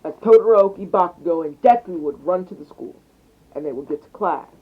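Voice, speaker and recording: A man's voice: high-pitched, brisk, a little hiss or hum. A young man narrating an improvised fan story, rambling and hesitant with frequent restarts, over a tinny phone mic.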